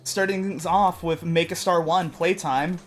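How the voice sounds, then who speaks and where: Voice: medium pitch, fairly even intonation, unhurried, faint music behind. A streamer giving casual commentary while playing a game, rambling and correcting themselves often. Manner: rambling, with frequent restarts and self-corrections. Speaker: let's play streamer.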